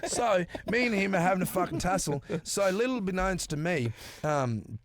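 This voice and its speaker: A man's voice: sits high, moderate pace, slight background noise. Australian man telling a rowdy yarn. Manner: swears freely, animated yarn-telling. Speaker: podcast guest. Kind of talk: casual storytelling.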